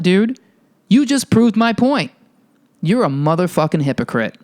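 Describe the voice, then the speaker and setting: A male podcast host delivering a heated, profane ranting monologue, telling a story with animated energy. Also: high-pitched, clean tone.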